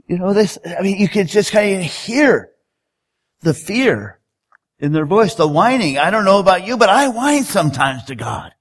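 A man's voice: high-pitched, big pitch swings, unhurried, long pauses. A man preaching a sermon in a conversational style, building up to emphatic exhortations.

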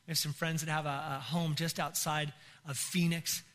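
A middle-aged man, a pastor, telling a comic story in a sermon, animated and bursting into shouts. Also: fairly high pitch, normal speed.

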